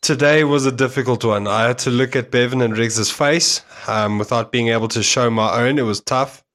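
A man of middle pitch hosting a sports podcast. He reads results casually and slips into playful, mock-formal announcing. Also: normal speed, fairly bright tone. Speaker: podcast host. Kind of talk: casual chat.

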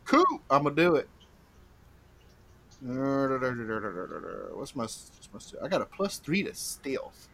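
A man's voice: fairly high pitch, wildly swooping pitch, moderate pace, sharp tone. A man at a tabletop game speaking casually, hesitant and trailing off. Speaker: player.

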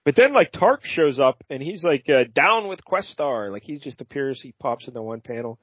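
A man's voice: mid-range voice, big pitch swings, brisk, husky, no echo. A man hosting a podcast, recapping a comic in casual chat and rambling jokily with lots of fillers. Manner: rambling and jokey, with many fillers. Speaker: podcast host. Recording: dull lo-fi sound.

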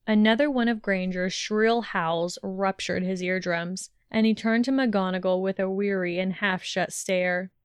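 Woman narrator, audiobook, measured, smooth voice, dry close sound. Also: medium pitch, fairly even intonation, dry recording. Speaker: audiobook reader. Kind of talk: fan fiction audiobook narration.

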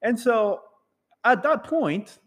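A man telling a rambling, animated story to an audience in a casual talk, acting out bits of dialogue. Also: very high-pitched, slow pace, long reverb tail. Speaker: speaker addressing an audience.

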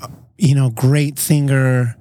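An easygoing man chatting as a podcast guest, rambling and full of fillers. His medium-pitched voice comes across dry and close. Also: flat delivery, slow, warm tone, dry recording. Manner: easygoing, rambling, many fillers like "you know". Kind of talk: casual chat. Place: outdoors in a backyard treehouse.

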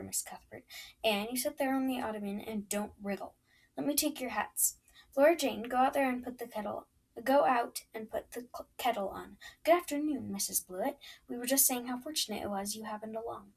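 A woman reading the part of a brisk, chatty middle-aged hostess in a storybook, talking eagerly and fussily. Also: fairly high pitch, vocal fry, breathy edge. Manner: fast, eager, fussy hostess talk.

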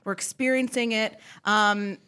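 A young woman co-hosting a casual church podcast, bubbly and excitable, laughing often. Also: medium pitch, unhurried, clear, resonant tone. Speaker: podcast co-host. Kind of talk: casual chat.

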